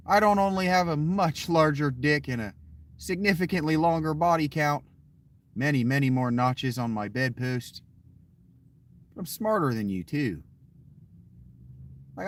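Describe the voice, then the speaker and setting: A man chatting casually with his viewers in a boastful, crude, rambling way. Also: a little high. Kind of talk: casual live chat with viewers.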